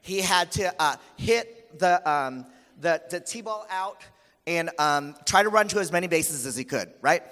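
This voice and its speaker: A man's voice: high voice, unhurried. A man emceeing a conference, telling comic stories in a stand-up style and acting out the voices of the people he quotes. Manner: animated, acts out quoted voices. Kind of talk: stand-up comedy storytelling. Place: large conference hall stage. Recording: echoey hall reverb.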